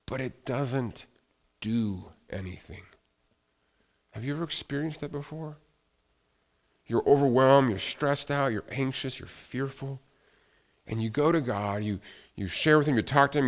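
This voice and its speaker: A young adult man preaching a sermon as pastor, earnest, often repeating phrases and dropping to a quiet voice. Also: medium pitch.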